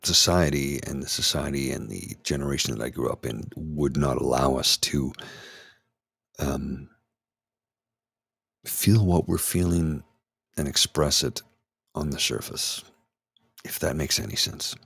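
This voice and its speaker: A middle-aged man talking candidly and haltingly through an anxiety attack, his voice trembling as he restarts his sentences. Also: very deep voice, steady tone, vocal fry, a bit bright, breathy edge, dry recording. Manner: halting, restarts, anxious and shaky. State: anxious, trembling voice. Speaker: ASMR channel host. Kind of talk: candid personal talk.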